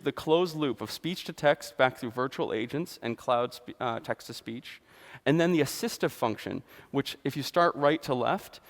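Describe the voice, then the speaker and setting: A man giving a conference presentation on stage, speaking fluently with frequent fillers and restarts. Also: medium pitch. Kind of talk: conference keynote talk. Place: large conference hall. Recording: long hall reverb.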